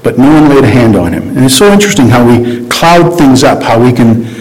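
A man leads a casual Bible lesson in an average-pitched voice. He talks loosely and conversationally, often stopping to correct himself and start over. The sound carries a long reverb, as if from a large hall. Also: lively intonation, brisk, a little mellow. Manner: conversational, hesitant, many restarts and self-corrections. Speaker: Bible study teacher. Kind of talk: informal Bible teaching.

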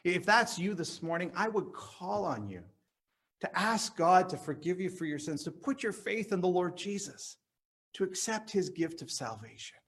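A man preaching a sermon at a church service, earnest and teaching, slowing down to stress key words. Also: high voice, sing-song, a bit bright, husky. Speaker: pastor. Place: church service on a live stream.

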